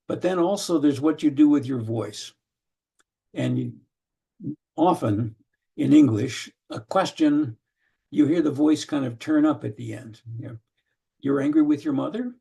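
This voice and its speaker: An older man teaching an online session in a mellow, gravelly voice. He explains at an unhurried pace, full of small fillers and restarts. The tone stays husky and relaxed throughout. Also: medium pitch. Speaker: lecturer. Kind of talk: online training lecture.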